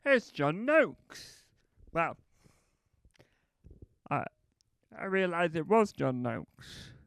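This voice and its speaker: High, smooth-voiced man telling rambling stand-up. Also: very animated, extremely slow, a bit bright. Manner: meandering, self-correcting, acts out both sides of conversations. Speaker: stand-up comedian.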